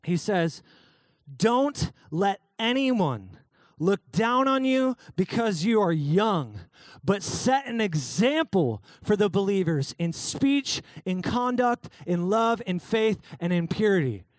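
Upbeat high-voiced youth pastor man. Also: big pitch swings, takes it slowly, no room sound, clean studio sound. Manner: casual, joking, calls out listeners by name. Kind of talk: youth sermon.

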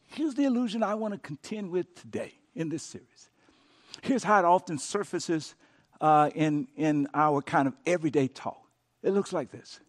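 A man preaching a sermon as pastor, telling a story with dramatic rises and hushed repeated words. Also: fairly high pitch, expressive, normal speed. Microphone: podcast recording of a sermon.

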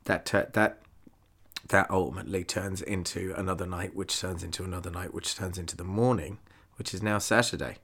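A man with a fairly low voice hosts his own podcast alone, talking straight into a podcast mic. He rambles loosely from one thought to the next, swears in nearly every sentence and laughs easily as he goes. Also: steady tone, brisk, fairly bright tone. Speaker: podcast host. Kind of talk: casual solo podcast monologue. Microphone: podcast microphone.

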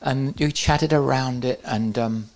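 A man's voice: medium pitch, unhurried. A man teaching at a church conference, with joking, self-deprecating asides to the audience. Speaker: preacher.

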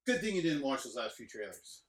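A man's voice: mid-range voice, big pitch swings, brisk. A man co-hosting a podcast, chatting casually about a movie and chiming in to agree. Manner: agreeable, chiming in with short replies. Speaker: podcast co-host. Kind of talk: casual movie review chat. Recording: echoey room.

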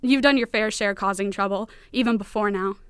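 A woman's voice: mid-range voice, brisk, fairly bright tone, clear, resonant tone, dry recording, lightly acted. A woman voicing a tough, wry Southern woman narrator with a Southern accent, blunt and dry. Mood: firm.

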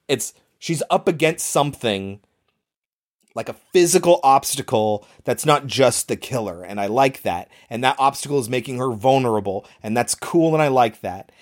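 Podcast cohost rambling through a movie plot, animated, swears a bit, super casual. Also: medium pitch. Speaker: podcast co-host. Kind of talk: casual movie recap chat.

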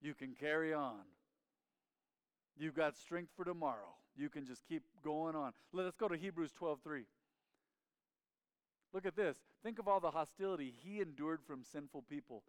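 A man's voice: on the high side, animated, normal speed, clean tone, dry recording. Resonant male pastor preaching with fervor. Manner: emphatic call-and-response preaching, leading the congregation in repeating phrases. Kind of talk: sermon. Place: church sanctuary.

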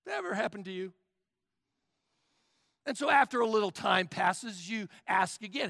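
A male pastor preaching a sermon, emphatic and full of rhetorical questions, often trailing off to a hush at the end of phrases. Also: high-pitched, animated, moderate pace, vocal fry, pauses often, dry recording, clean studio sound. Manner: asks the congregation rhetorical questions.

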